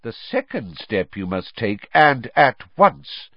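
Man doing a grave, steady old wizard, lively pitch, muffled dry recording. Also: no room sound. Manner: steady, insistent, measured. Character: calm, grave old male headmaster wizard.

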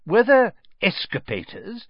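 A man voicing an eager, curious middle-aged wizard father who asks excited questions, on a dull, dry recording. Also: high-pitched, measured pace, slightly rough, dry recording, voice pushed up, exaggerated voice.

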